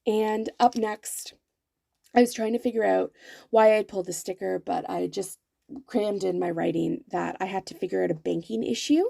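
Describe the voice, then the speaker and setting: This planner vlogger has the hiccups as she talks through decorating her weekly planner in a casual voice-over, full of fillers and corrections of herself. She is a young woman with a mid-range, dark voice and vocal fry, speaking at normal speed in a clean studio recording without echo.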